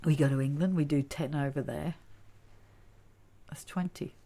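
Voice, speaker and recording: A woman's voice: deep voice, steady tone, moderate pace, warm tone. A chatty woman co-hosting a podcast, laughing easily and talking over her co-host in casual chat.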